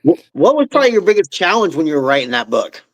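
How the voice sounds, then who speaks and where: A man's voice: a little high, sing-song, quick pace, rough recording. A man hosting an interview, asking short questions to prompt his guest. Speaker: podcast host.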